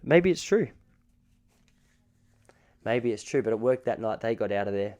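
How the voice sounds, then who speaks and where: A man's voice: on the low side, lively intonation, moderate pace, darkish tone. An Australian man in his thirties hosting a podcast, telling rambling, joking stories in a casual solo monologue. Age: 30s. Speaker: podcast host.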